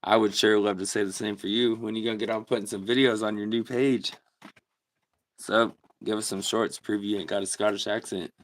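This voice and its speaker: A man's voice: fairly low pitch, little pitch movement, brisk, fairly bright tone, slight background noise. A man hosting a casual livestream, chatting laid-back with viewers and laughing often. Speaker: livestream host. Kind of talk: casual livestream chat reading comments.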